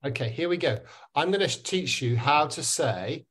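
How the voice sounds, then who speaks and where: A man's voice: fairly high pitch, animated, normal speed, a bit bright, breathy edge. A man teaching English pronunciation on a video call, patiently repeating and drilling words for his students. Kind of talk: online webinar teaching.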